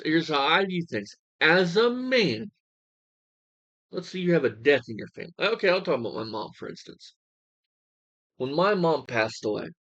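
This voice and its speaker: A man's voice: mid-range voice, pushed and bright. A young man rants in a crude, mocking reaction commentary, swearing as he goes. His voice sits in an ordinary middle range. The sound is dull and lo-fi.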